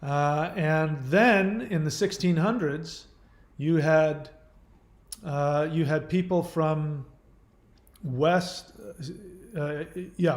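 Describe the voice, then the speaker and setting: A man's voice: on the high side, slow pace, echoey room. A man hosting his own channel, chatting casually and rambling through trivia with lots of fillers and self-corrections. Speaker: channel host. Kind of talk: casual live-stream chat.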